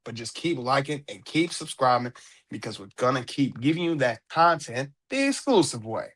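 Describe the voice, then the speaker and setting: A young adult man hosting a podcast, chatting casually and excitably about wrestling, repeating himself and laughing often. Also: medium pitch, normal speed. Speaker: podcast host. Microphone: podcast mic.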